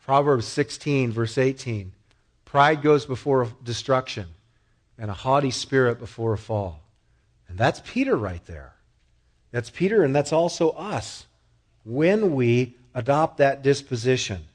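A man preaching a sermon in a conversational way, asking the listeners questions and growing animated as he tells stories. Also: mid-range voice, a little slow. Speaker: pastor.

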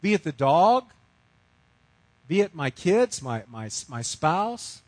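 A middle-aged man preaching a sermon, telling a story with big swings from loud outbursts to hushed, quiet lines. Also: a little high, sing-song, slow pace, no echo, low-quality recording. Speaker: pastor.

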